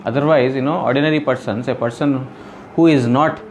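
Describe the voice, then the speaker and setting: A man teaching scripture in a devotional lecture, his voice sitting at an ordinary middle pitch. He explains earnestly, circling back over his phrases and leaning on "you know". A light hiss sits faintly under the recording. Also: fairly even intonation, a little fast. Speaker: spiritual teacher.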